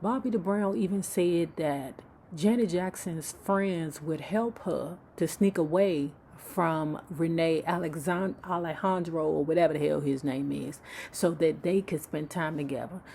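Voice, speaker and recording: A woman's voice: low voice, measured pace, creaky, dark tone, slight background noise. A woman host telling celebrity gossip in a casual, sassy, profane way, with mocking asides. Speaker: YouTube book club host.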